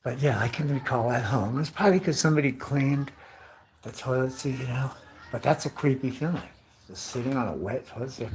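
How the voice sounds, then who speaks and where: A man's voice: medium pitch, brisk, darkish tone, a little hiss or hum. A man of fifty in a rambling comic monologue, swearing freely, calling everyone dude and bro and firing off rhetorical questions. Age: 50s. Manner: profane, chatty, full of rhetorical questions; calls listeners dude and bro.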